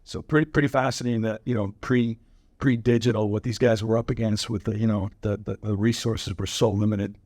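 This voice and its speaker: A man's voice: on the low side, fairly even intonation, fairly quick, a little mellow, no room sound. Man moderator, chatty explainer, dry close sound. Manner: conversational, many fillers. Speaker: panel moderator. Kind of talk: explanatory panel talk.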